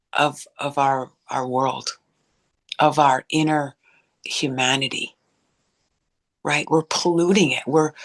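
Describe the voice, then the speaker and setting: A woman co-hosting a reflective conversation, speaking in a thoughtful, measured way. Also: low voice. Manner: thoughtful, measured, spiritual vocabulary. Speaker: co-host.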